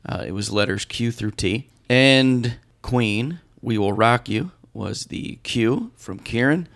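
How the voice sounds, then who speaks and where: A man's voice: medium pitch, slow pace, a bit bright. A man co-hosting a casual podcast, his voice scratchy and nearly gone. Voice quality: scratchy, husky voice. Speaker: podcast co-host.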